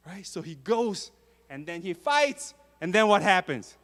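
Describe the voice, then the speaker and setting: Lively man preaching to children. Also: high voice, measured pace. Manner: lively, questions the kids often. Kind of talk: children's sermon. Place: church.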